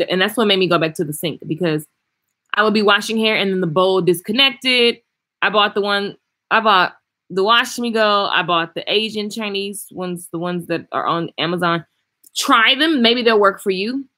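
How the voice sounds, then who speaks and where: A woman hairstylist chatting casually and frankly on a livestream, reading and answering viewer comments with animated swings in loudness. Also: on the low side. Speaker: hairstylist and vlogger. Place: traveling, indoors.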